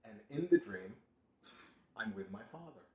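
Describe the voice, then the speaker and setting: A man's voice: fairly low pitch, expressive, moderate pace. Earnest man speaking in a roomy hall. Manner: earnest, loud at the start and softer later. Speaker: author giving a book talk. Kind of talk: storytelling talk to an audience. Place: large bookstore event room. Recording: roomy echo.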